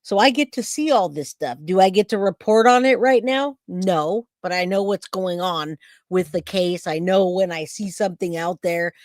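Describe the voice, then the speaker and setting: A middle-aged woman hosting a true crime livestream, chatting casually and telling a story with lively acted-out quotes. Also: fairly low pitch, normal speed, dry recording, clean studio sound. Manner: chatty, animated storytelling, acts out quoted voices.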